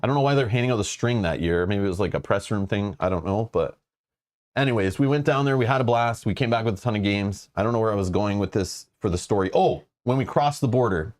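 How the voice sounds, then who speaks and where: A man's voice: fairly low pitch, quick pace, a little mellow. Male host, loose joking storyteller, casual stream chat. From Canada. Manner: rambling storyteller with many fillers, joking. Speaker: show host.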